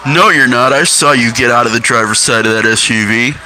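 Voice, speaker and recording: A man voicing a stern male police officer, officious and deadpan. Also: medium pitch, a little fast, voice pushed down, poor audio.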